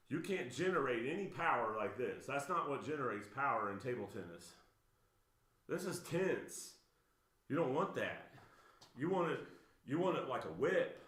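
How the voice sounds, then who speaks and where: A man's voice: medium pitch, fairly bright tone. A man giving blunt, emphatic coaching commentary on table tennis videos, getting worked up as he corrects a player. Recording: roomy echo.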